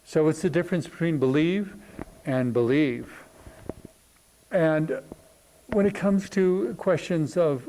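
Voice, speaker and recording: A man hosting a reflective talk on spirituality, thinking aloud with many pauses and fillers. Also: on the high side, mellow, low-quality recording. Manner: thoughtful, unhurried, many ums and pauses.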